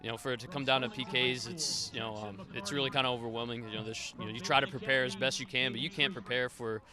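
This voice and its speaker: A man coaching high school soccer, giving a post-game interview outdoors with a voice he is losing, talking in a rambling way with many fillers. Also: fairly even intonation, fast, a crowd in the background. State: losing his voice.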